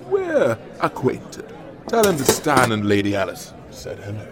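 A man's voice: medium pitch, huge pitch swings, a little slow, heavy background noise. An actor playing a suave, mysterious man posing as a waiter in a TV drama.

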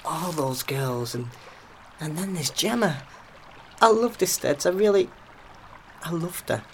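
An actor playing a young man who has been drugged, frightened and grieving a lost love, his voice swinging high and low and breaking into sobs. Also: animated, measured pace, a little hiss or hum, rough recording. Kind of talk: audio drama acting.

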